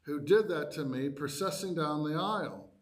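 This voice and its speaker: A man telling a personal story to a church adult education class, acting out his own reactions in lively quoted asides. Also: a little high, normal speed, heavy background noise.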